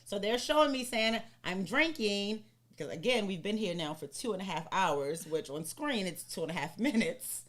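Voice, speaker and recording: A woman co-hosting a podcast, telling a story in a blunt, profane, animated way. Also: mid-range voice, moderate pace. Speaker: podcast co-host. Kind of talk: casual podcast chat.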